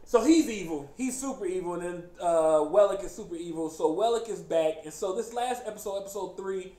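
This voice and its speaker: Man, host, casual chat, high voice, joking and laughing, echoey room, faint noise. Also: brisk. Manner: animated, joking, laughing often.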